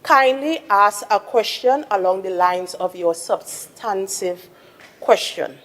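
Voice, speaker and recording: A woman from Tobago, the presiding officer chairing a parliamentary sitting, speaking in a firm, measured, admonishing way. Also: mid-range voice, a bit bright, slight background noise. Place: assembly chamber. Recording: long reverb of a chamber.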